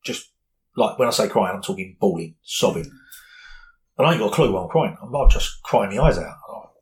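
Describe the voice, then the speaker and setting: A man's voice: fairly low pitch, animated, a little fast, a little hiss or hum, low-quality recording. A man, speaking candidly and earnestly as an interview guest, often repeating words as he goes. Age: 40s.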